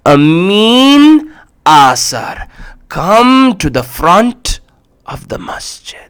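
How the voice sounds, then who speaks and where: A man telling a personal story to children in an expressive way, acting out the voices and dropping to a hush at times. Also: high voice, drawn-out words, clean tone. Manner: expressive, acts out quotes, shifts between loud and hushed. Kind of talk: animated personal storytelling for kids.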